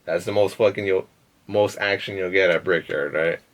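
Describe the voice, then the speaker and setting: A man's voice: sits low, steady tone, moderate pace. A young man, a podcast guest, telling a rambling, profane story in casual chat and laughing between phrases.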